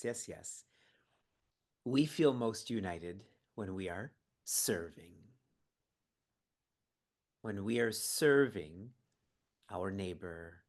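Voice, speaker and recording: A man running an online training session from his prayer room, asking the audience questions and laughing between points. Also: low-pitched. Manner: engaging, asks the audience questions. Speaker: seva training guide.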